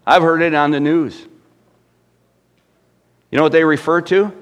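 A middle-aged male pastor preaching with fervor and a somewhat high voice. He keeps asking the congregation rhetorical questions and builds in intensity as he goes. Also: steady tone, unhurried. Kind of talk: sermon.

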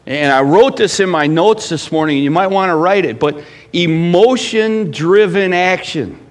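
A middle-aged man preaching a sermon as pastor, emphatic, swinging between loud bursts and hushed lines. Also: high voice, expressive, normal speed.

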